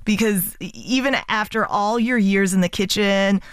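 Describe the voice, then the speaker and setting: A woman's voice: mid-range voice, normal speed, clean tone, no room sound, clean studio sound. A woman hosting a radio interview in a friendly, conversational way. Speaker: radio host.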